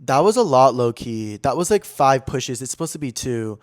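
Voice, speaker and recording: A man's voice: mid-range voice, expressive, moderate pace. A young man hosting his own podcast, telling a story in a casual, dramatic way full of "like" fillers. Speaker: podcast host.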